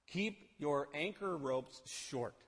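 Animated preacher man in a reverberant hall. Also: fairly high pitch, slow pace, slightly rough. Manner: animated, asks the congregation questions and acts out quotes. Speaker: pastor. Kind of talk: sermon. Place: church sanctuary.

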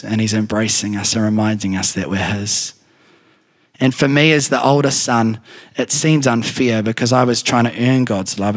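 A man with a New Zealand accent preaching a sermon, telling personal stories with animated delivery and acting out the voices he quotes. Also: mid-range voice. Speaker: pastor.

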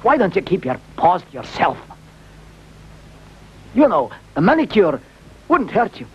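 A high-voiced blustering Scotsman. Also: big pitch swings. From Scotland. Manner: blustering, quick to complain, jokey. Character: boastful jittery Scottish man, easily frightened. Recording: muffled old film dub with music.

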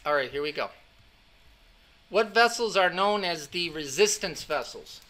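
His voice is on the high side, with a sharp tone, lively intonation and a measured pace. He's lecturing an anatomy class as the anatomy and physiology instructor, emphatic and repetitive, repeatedly making sure students keep up.

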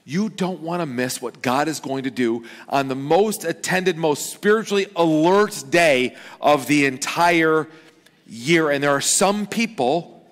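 A man in his thirties preaching a sermon as pastor, chatty and joking, with lively swings in pitch and loudness. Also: unhurried. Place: large church auditorium. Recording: long hall reverb.

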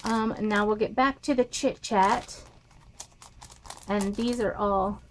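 A woman's voice: mid-range voice, steady tone, slow pace, slight background noise. A woman showing paper crafting supplies in a casual haul video, naming each piece and gushing over how cute they are. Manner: reads items aloud, gushing softly. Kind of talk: casual show-and-tell haul.

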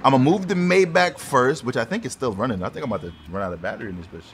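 A man giving loud, profane, excitable commentary over his car game, with quick shouted outbursts. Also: mid-range voice. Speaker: gaming YouTuber. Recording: noisy game audio behind the voice.

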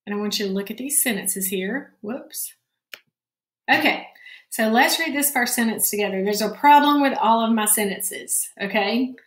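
A woman teaching a recorded phonics lesson to children, patient and encouraging, often saying good job. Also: fairly high pitch. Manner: slow, patient, encouraging, frequent "all right, good job". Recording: roomy, echoey classroom-style sound.

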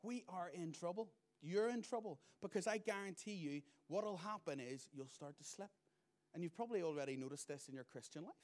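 A middle-aged man, preaching a sermon as pastor, moving between loud emphatic lines and quiet asides. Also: high-pitched, expressive, brisk.

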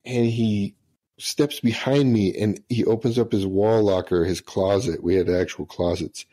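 A man's voice: low-pitched, moderate pace, mellow. A middle-aged man, a retired senior master sergeant, telling profane, laughing anecdotes in casual storytelling.

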